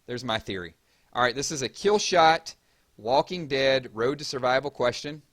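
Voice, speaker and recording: A man's voice: medium pitch, normal speed. A man with a Southern US accent from Georgia, hosting a casual livestream and chatting as he reads out viewer comments. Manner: chatty, reads chat aloud and gives shout-outs. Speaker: livestream host.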